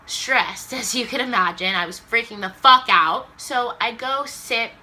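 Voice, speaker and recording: In a casual vlog, a young Los Angeles woman recounts an emotional story, peppering it with "like" and performing the voices of the people she quotes. Her voice sits on the higher side, with a sharp tone and a measured pace.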